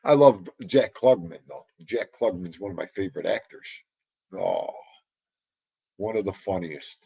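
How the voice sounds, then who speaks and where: A man hosting a casual livestream, chatting to viewers and reading their comments in a rambling, animated way, with sudden loud exclamations. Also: low-pitched, measured pace, vocal fry, husky, dry recording, lo-fi sound.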